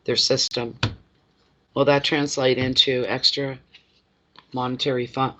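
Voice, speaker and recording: A man's voice: mid-range voice, fairly even intonation, moderate pace, sharp tone, slight background noise. A man giving a live-stream tarot reading, chatting with viewers by name in an effusive, emotional way. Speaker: tarot reader. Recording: dull lo-fi sound.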